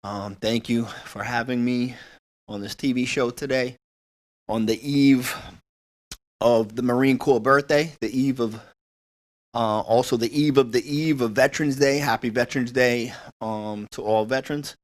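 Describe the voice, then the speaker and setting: A man's voice: medium pitch, fairly even intonation, unhurried. A man with a Boston accent, a Marine veteran speaking earnestly and patriotically, with many fillers. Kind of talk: interview statement.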